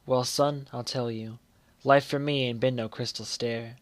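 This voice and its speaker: A man's voice: medium pitch, steady tone, unhurried, no echo, lightly acted. A man reading the lines of a weary old mother advising her son, in plain folksy dialect. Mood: earnest.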